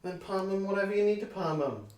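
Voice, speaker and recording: A man's voice: high-pitched, lively intonation, quick pace, darkish tone. A man playing a tabletop game, brash and offhand in his replies. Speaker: player. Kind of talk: casual tabletop game chat. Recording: distant echoey mic.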